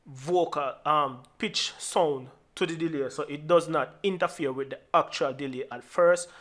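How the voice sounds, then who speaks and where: Male producer-tutor, bright and slightly high, casual walkthrough with restarts. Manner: relaxed explaining with frequent restarts and repeated words. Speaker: music producer teaching mixing. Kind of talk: screen-recorded tutorial walkthrough.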